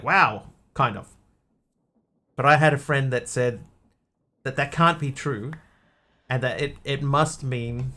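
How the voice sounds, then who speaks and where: A man's voice: mid-range voice, fairly bright tone. A man streaming a building game, chatting casually and joking as he reads chat aloud.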